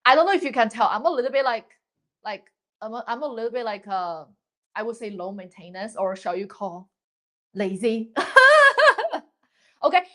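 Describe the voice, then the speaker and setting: A young woman chatting on a livestream, rambling with lots of fillers and restarts as she gives dating advice and thanks viewers. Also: on the high side. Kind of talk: casual livestream chat.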